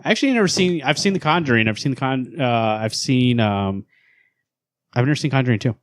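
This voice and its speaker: A man's voice: mid-range voice, lively intonation, quick pace, no echo. Male podcast co-host, casual and rambling, dry studio sound. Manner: chatty, loose, rambling. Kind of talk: casual chat.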